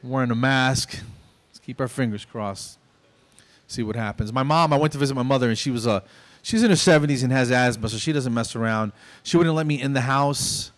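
A man's voice: mid-range voice, a little fast. A middle-aged man performing a stand-up comedy set on stage in a conversational, self-deprecating way. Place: stage at a small venue.

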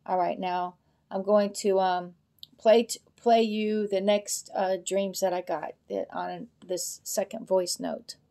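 A woman speaks very slowly in a gravelly voice, pausing as she explains. Her delivery is deliberate and unhurried. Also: medium pitch, steady tone, warm tone. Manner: slow and deliberate, with hesitations. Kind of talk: casual spoken introduction.

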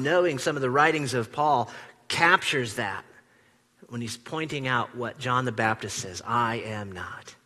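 A man preaching a sermon in a church, animated, acting out the quoted lines with big swings from loud to hushed. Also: mid-range voice, slightly rough, big-room sound. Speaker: pastor. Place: church sanctuary.

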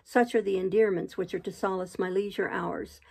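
A woman voicing a bitter, commanding gentleman of the house, forceful and scornful, in a storybook reading. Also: medium pitch, fairly even intonation, moderate pace, creaky, husky.

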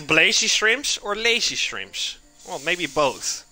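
A man's voice: high voice, very animated, slow pace, music in the background. A man hosting a live cooking stream, chatting casually with viewers and answering chat while he cooks in a home kitchen.

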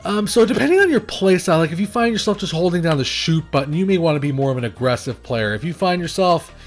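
A fairly high-voiced man talks through a game as he plays it, his pitch swinging widely. He rambles and restarts, filling gaps with hesitant sounds, and blurts out nervous exclamations when the action heats up. Faint music plays underneath. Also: expressive, fast talker. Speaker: game reviewer. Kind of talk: casual gameplay commentary.

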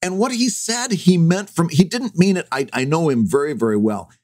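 A man in his fifties co-hosting a podcast, telling an old story with self-mocking humor and lively retelling of past conversations. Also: a little high, moderate pace, dry recording. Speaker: podcast co-host. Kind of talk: casual chat, storytelling.

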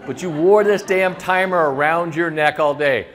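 A man's voice: on the high side, moderate pace, a bit bright. A middle-aged man, a restaurant consultant, telling kitchen stories in a loose, swearing way and acting out the voices of cooks and chefs. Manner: storytelling, acts out kitchen voices, swears casually. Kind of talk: casual talk to an audience.

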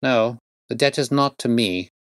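A man voicing a calm, stern male detective who explains things in a measured, precise way. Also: mid-range voice, smooth, no echo, studio quality, voice pushed up, natural voice.

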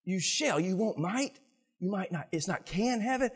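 A male pastor preaching a sermon, telling stories with animated delivery and acting out scenes, often repeating words. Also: sits high, moderate pace, husky.

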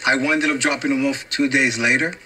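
Speaking briskly in a mid-range voice, a middle-aged documentary interviewee tells a story to camera, vividly acting out the words he quotes. Music plays beneath the rough recording, along with slight background noise.

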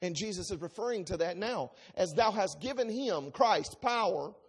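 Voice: medium pitch, lively intonation, normal speed, breathy edge. A preacher giving an expository sermon, reading scripture aloud and explaining it line by line with emphasis. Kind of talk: expository Bible-teaching sermon.

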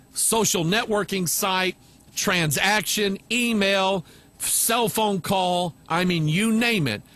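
An American man hosts a talk radio program, working through news stories and stopping to add his own sarcastic comments. His voice sits a little higher than most men's. He leans hard on his points and punches through lists one item at a time. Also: pushed and bright. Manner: sarcastic asides, emphatic lists. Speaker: radio show host.

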